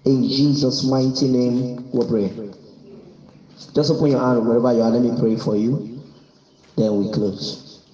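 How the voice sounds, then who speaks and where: A man's voice: medium pitch, steady tone, measured pace, long pauses, mellow. A man pastor leading prayer at a service, fervent and repetitive, giving commands in prayer. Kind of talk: sermon and prayer at a live service. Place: church service, speaking online too. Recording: muffled, roomy recording with music behind.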